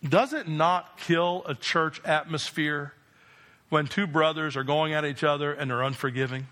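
A pastor from New Jersey preaches with a high, bright voice. He speaks emphatically and keeps putting rhetorical questions to his congregation. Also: steady tone, normal speed. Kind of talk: sermon.

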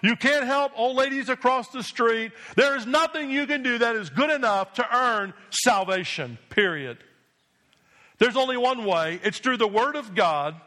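A male pastor delivering a sermon to his congregation, his voice pitched high for a man. He preaches with firm, emphatic repetition and keeps checking in with the room. The tone is bright and ringing. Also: animated, normal speed. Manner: emphatic preaching with repeated call-and-response "Amen?".

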